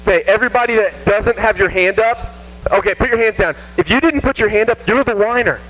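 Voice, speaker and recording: A high-voiced, fast-talking male youth pastor with a Southern American accent gives a casual youth sermon in a church youth room, on a rough recording. He's animated and self-mocking, acting out whiny voices.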